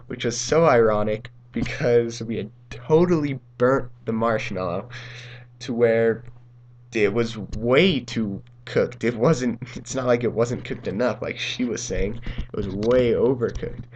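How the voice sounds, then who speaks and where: A young man tells a casual story over his gameplay footage. He rambles with plenty of ums and uhs and laughs through his lines, at an everyday mid pitch. A faint hiss sits under his voice. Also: unhurried, highs cut off. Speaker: gaming channel host.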